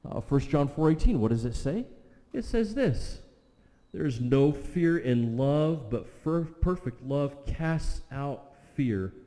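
A man preaching a sermon, retelling a scripture story with vivid asides, slowing down and dropping to a soft voice for emphasis. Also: mid-range voice, expressive. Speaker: pastor. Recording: long reverb of a large hall.

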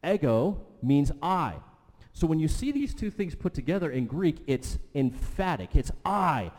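A middle-aged man delivers a teaching sermon in a mellow, relaxed voice. He talks conversationally, asking the congregation questions and tagging points with "okay" and "right." His voice rings with the long reverb of a large hall. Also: on the high side, a little slow. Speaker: pastor.

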